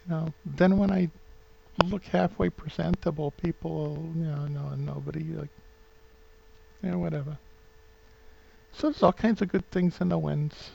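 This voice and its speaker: A man's voice: a little high, fairly even intonation, unhurried, gravelly, long pauses, husky, dull audio. A man in his fifties with a New England accent rambles sentimentally through a home vlog, full of fillers and restarts. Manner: sentimental, gets openly emotional. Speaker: vlogger.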